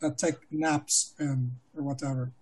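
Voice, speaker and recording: A man's voice: mid-range voice, level tone, measured pace, a little mellow. A man chatting casually as a player in a tabletop game, laid-back and trailing off.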